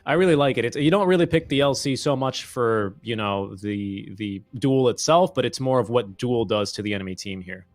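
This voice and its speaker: Rapid-fire jokey esports commentator man. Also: mid-range voice, no echo. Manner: jokey, easygoing. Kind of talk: live esports play-by-play commentary.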